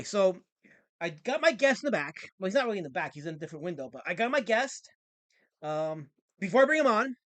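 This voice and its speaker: A man's voice: high voice, fairly bright tone, no room sound. A man hosting a livestream, reading viewer comments out in a sarcastic, mock-offended tone and going off on playful rants. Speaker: livestream host.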